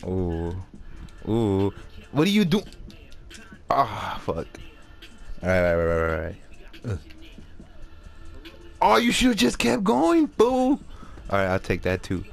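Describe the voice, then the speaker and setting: A man giving casual, excitable commentary while playing a basketball video game, swearing and trash-talking. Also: on the low side, takes it slowly, gravelly, long pauses, soft background music. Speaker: gameplay commentator.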